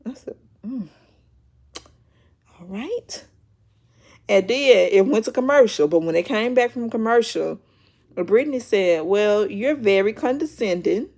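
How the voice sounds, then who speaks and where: A woman's voice: a little high, animated, unhurried, long pauses, darkish tone. A woman hosting a casual reality show recap, chatty and storytelling, acting out quotes with laughs.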